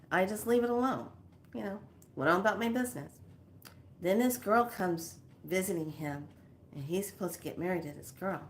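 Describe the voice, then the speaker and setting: A woman and spiritual teacher telling a story in casual, animated, slangy talk. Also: on the low side, normal speed. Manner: animated, slangy, acts out voices.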